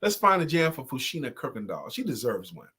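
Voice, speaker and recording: A middle-aged man hosting a live stream, playfully giving viewers shout-outs with short improvised sung and rapped jingles and frequent laughter. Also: medium pitch, sing-song, a little fast, slightly rough. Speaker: host.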